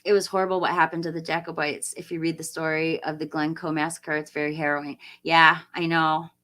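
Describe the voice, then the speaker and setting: Tired woman streamer, slightly low voice, chatty and rambling with viewers. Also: level tone, fairly quick, bright, forceful tone. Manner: chatty, laughs often, rambling restarts. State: tired after a long stream. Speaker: livestream host. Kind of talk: casual live chat reading viewer comments.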